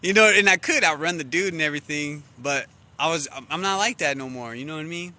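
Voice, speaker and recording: A man recounts a personal story at a quick clip, his voice notably bright and forward. He talks in loose slang and keeps jumping into the voices of the people in it. His pitch sits a little above the usual. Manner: slangy and animated, acting out quoted dialogue. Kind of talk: casual spoken storytelling.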